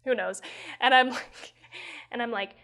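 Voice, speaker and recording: Quick storytelling woman podcast co-host. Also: on the high side, fairly bright tone. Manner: storytelling, swears freely, quick bursts. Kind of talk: casual chat.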